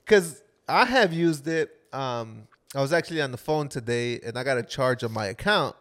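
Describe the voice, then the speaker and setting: A man's voice: mid-range voice, animated, normal speed, a bit bright. A man co-hosting a podcast in casual chat, laid-back, laughing often and dropping in Spanish phrases. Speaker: podcast co-host.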